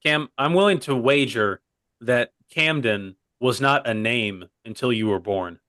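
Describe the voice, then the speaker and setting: Close, dry sound with no room echo captures a young comedy podcast co-host in casual chat. He speaks at a measured pace in a mid-range, a bit bright voice, rambling, digressing, and saying "by the way" over and over.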